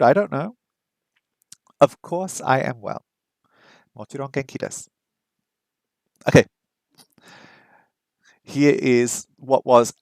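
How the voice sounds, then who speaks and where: A man's voice: medium pitch, dry recording. Man musing aloud in a dry room. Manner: thinking aloud, musing and unsure; slow, careful practice of foreign phrases. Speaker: vlogger learning a language. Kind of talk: casual vlog commentary.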